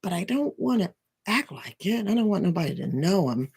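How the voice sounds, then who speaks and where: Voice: medium pitch, sing-song, a little fast, vocal fry, a little mellow, husky, full character voice. A life coach speaking as the fearful, self-centered ego of a newborn in a rambling inner monologue. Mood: anxious.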